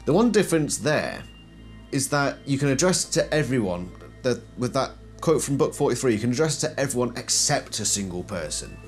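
A man's voice: medium pitch, sing-song, fairly quick, faint music behind. A man giving a casual explanatory commentary, posing questions and then answering them himself. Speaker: video essayist.

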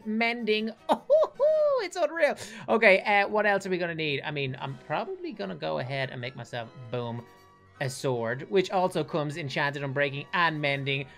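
A woman hosting a gaming video, giving excited commentary with lots of laughing and quick restarts. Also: lowish voice. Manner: hyped, laughing often, rambling with restarts.

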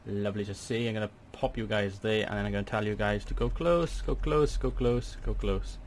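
A young man giving chatty let's play commentary as a gaming channel host, swearing in sudden excited outbursts at a desk microphone. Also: lowish voice, fairly quick, a little hiss or hum.

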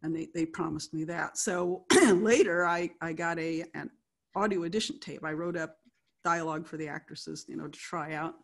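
A woman's voice: sits low, steady tone, moderate pace, creaky. An older woman, a guest writer, telling anecdotes in a chatty way, often laughing as she talks. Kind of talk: anecdotal storytelling.

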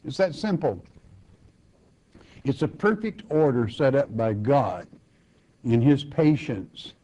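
An older man, teaching a Bible chapter in a homespun, plainspoken way, with halting restarts. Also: mid-range voice, animated, mellow. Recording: dull lo-fi recording.

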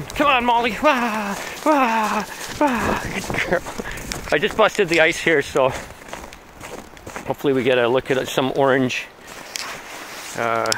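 A man vlogging casually while training his puppy, rambling and chatting, breaking into high sing-song baby talk to his dogs. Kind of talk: casual chat. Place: in a car, then outdoors by a pond. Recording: noisy car and outdoor ambience.

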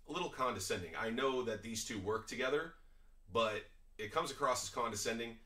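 A man's voice: lowish voice, pushed and bright, roomy sound. A man hosting a reaction video, giving opinionated, critical commentary on a clip in a conversational way.

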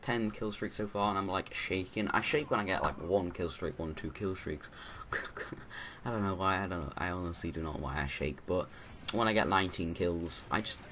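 A man's voice: deep voice, fairly quick, few pauses, fairly bright tone, a little hiss or hum. A man giving rambling, casual commentary over his own gameplay, full of restarts and fillers.

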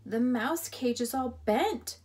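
A woman's voice: a little high, takes it slowly, a little mellow, husky. A woman voicing a thoughtful, observant boy camper who speaks in a plain, matter-of-fact way while reading a storybook aloud.

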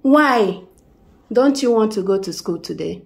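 A Nigerian woman talks slowly and warmly coaxing in an easygoing home vlog, her voice sitting at an ordinary middle pitch. She is playful and laughs often between sentences. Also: lively intonation, creaky, low-quality recording. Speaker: family vlogger, mother.

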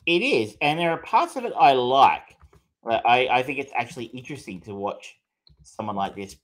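A man's voice: mid-range voice, sing-song, moderate pace. A man co-hosting a film podcast, chatting casually with many fillers, restarts and the odd swear word. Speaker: podcast co-host. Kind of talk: casual film review chat.

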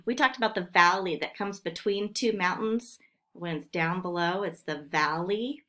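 Woman teacher, remote phonics lesson, unhurried, patient sounding-out, mid pitch. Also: lively intonation, bright, forceful tone. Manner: patient, sounding out words slowly. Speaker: second grade teacher.

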